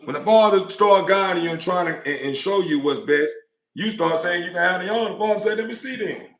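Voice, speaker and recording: A man's voice: high voice, a little fast, a bit bright. A man delivering a blunt, profane, impassioned monologue about God, acting out God and doubters in turn. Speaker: informal preacher. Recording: roomy echo.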